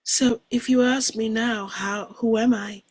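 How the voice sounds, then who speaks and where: A woman giving an earnest, reflective spiritual testimony as a guest, speaking softly and often dropping to a hush. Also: a little high, steady tone, measured pace, breathy edge. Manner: soft-spoken, reflective and earnest. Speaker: guest describing a near-death experience.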